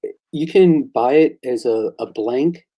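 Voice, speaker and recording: A man chats casually about his own comic work and tells stories with enthusiasm, acting out the exchanges he describes. His voice is mellow and a little husky, at a middle pitch. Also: unhurried, low-quality recording. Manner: excitable storyteller, acts out quoted exchanges. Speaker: comic book creator and artist. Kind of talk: casual chat.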